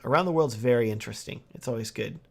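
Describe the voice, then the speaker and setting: A man's voice: mid-range voice, fast talker, vocal fry, darkish tone. A man with a Texan accent chats through a casual livestream Q&A. He sounds upbeat and loose, leaning on "um" and "like" as he goes. His voice sits in an ordinary middle range. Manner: casual and upbeat, many fillers like "um" and "like". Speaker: wedding videographer hosting a livestream Q&A. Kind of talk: casual livestream chat answering viewer questions.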